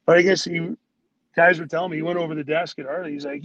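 A man's voice: on the high side, steady tone, fast talker, a bit bright, highs cut off. A man who played pro hockey, a guest telling stories in a rambling way, full of "like"s and acted-out quotes of teammates. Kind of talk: casual storytelling.

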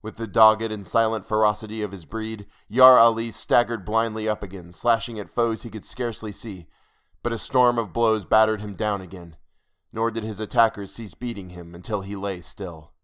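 A man narrating a pulp adventure story in a steady, dramatic reading. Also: lowish voice, moderate pace, clear, resonant tone. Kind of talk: audiobook narration of pulp fiction.

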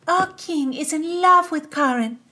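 A woman voicing an earnest, romantic young girl who insists in a high voice. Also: measured pace, sharp tone. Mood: insistent. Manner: insistent, wailing.

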